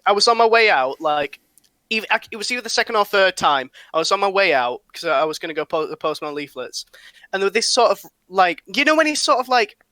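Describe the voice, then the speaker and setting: A man's voice: high voice, very animated, fast talker, bright, forceful tone, dry recording. A young man chatting casually on a podcast, rambling with lots of fillers, restarts and swearing. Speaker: podcast host.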